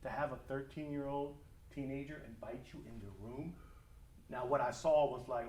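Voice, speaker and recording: A middle-aged man preaching as a pastor in a conversational, animated way, acting out family conversations. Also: mid-range voice, moderate pace, a crowd in the background. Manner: animated, acts out family dialogue. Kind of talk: conversational sermon talk. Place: church or school hall. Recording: echoey room, mic from a distance.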